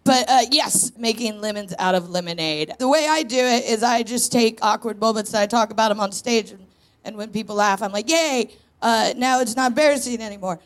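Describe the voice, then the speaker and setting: A woman's voice: medium pitch, a little fast. A woman in her thirties doing a frank, self-mocking stand-up comedy set on a live stage. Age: 30s. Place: live stage in a tent before an audience.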